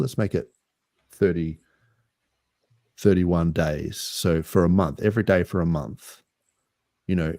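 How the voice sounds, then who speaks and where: A man with an Australian accent co-hosting a casual podcast chat, relaxed and rambling with easy laughs. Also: low-pitched, dry recording, studio quality. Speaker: podcast co-host.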